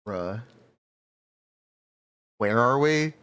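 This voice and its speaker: A man's voice: mid-range voice, lively intonation, extremely slow, fairly bright tone, clear, resonant tone. A man streaming live, chatting casually and joking, laughing often.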